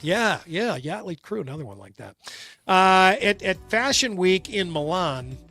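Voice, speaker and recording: High-voiced American radio host, joking. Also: male voice, lively intonation, unhurried, sharp tone, faint music behind. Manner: reads news items with joking asides. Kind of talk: casual sports radio chat.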